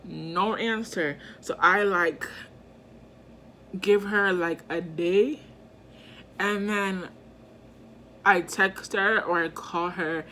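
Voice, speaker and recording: A young woman telling a storytime to her viewers, chatty and animated, loaded with slang and "like." Her voice sits a little low but sounds bright and sharp. Faint background noise sits under the recording. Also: very slow, long pauses. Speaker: vlogger. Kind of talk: casual storytime.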